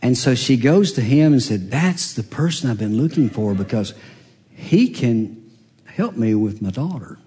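A pastor preaches from the pulpit at an unhurried, deliberate pace, his expressive mid-range voice dark in tone. He retells a story and takes on the voices of its characters. A long reverb tail from the large church hall follows his words.

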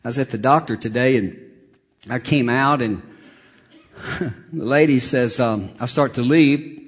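A man preaching a sermon, reading scripture slowly and telling animated stories, chuckling as he goes. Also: medium pitch, breathy edge, big-room sound. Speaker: pastor.

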